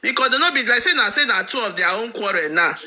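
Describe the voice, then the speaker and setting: A man with a Nigerian Pidgin accent who talks casually and chattily, circling back to repeat his phrases. His voice sits high and sounds very bright. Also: lively intonation, quick pace. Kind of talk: casual commentary.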